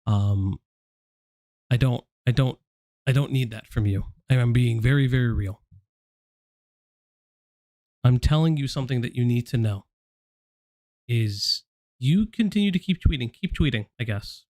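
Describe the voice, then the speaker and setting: A man's voice: mid-range voice, measured pace, pauses often, darkish tone, dry recording, clean studio sound. A man hosting a live stream, speaking bluntly and confrontationally to someone he addresses directly. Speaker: stream host. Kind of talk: casual live-stream commentary.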